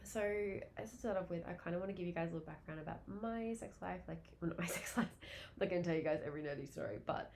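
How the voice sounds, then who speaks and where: A woman in her late twenties hosts a casual podcast on her own. Her voice sits a little low and sounds mellow and warm. She tells her stories in a loose, chatty way and swears freely. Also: quick pace, creaky, slight background noise. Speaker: podcast host. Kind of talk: casual solo podcast chat.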